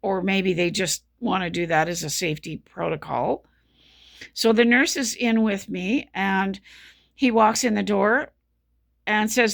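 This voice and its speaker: A woman's voice: mid-range voice, measured pace, gravelly, long pauses. A woman telling her own story as a patient, in an earnest, frustrated way and with lots of repetition. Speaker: patient sharing her experience. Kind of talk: casual spoken commentary.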